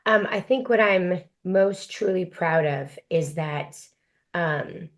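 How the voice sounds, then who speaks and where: A woman being interviewed on a podcast, a singer speaking in a reflective, heartfelt way with frequent pauses to think. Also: lowish voice. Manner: reflective, many um fillers, heartfelt. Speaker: guest, country singer.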